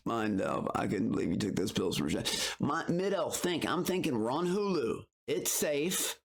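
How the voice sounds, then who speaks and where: A man's voice: mid-range voice, animated, moderate pace, breathy edge. A man streaming his reactions to recaps, talking in a rambling, heated and profane way. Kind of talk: casual reaction commentary.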